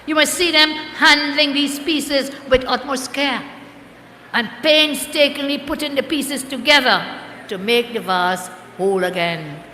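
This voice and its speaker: Brief: older woman, party leader, rousing rhetorical rally speech, bright forceful voice in an echoey hall. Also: sits high, a little slow, a little hiss or hum. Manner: rousing, rhetorical, chants slogans. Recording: echoey hall with crowd ambience.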